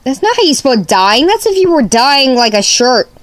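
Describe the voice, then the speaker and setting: A woman's voice: high-pitched, sing-song, normal speed. A tired woman casually reading fan fiction aloud, rambling and breaking off into asides. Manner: rambling, sleepy, self-interrupting asides. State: sleep-deprived. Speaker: fanfic reader.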